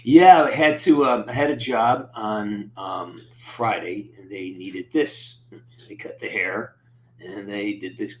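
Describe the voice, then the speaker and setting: A man's voice: fairly low pitch, slow pace. A man hosting a casual live stream, greeting viewers by name and chatting in an upbeat, rambling way.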